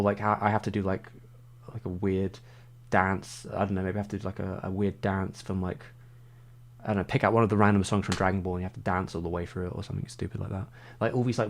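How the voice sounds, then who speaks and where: A man's voice: deep voice, creaky. A man chatting casually on a livestream, rambling and saying "like" constantly. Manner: rambling, heavy use of "like".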